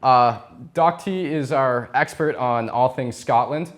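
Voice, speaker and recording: A man's voice: mid-range voice, slow. A teenage boy interviewing a teacher for a school TV show, polite and prompting. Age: teens. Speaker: student interviewer. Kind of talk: student TV interview.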